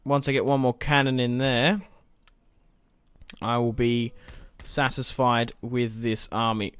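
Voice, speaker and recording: A man's voice: mid-range voice, little pitch movement, slow pace, fairly bright tone, clear, resonant tone, dry recording. A young man giving casual, rambling let's-play commentary as he plays, thinking aloud and swearing now and then. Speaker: gaming let's-play host.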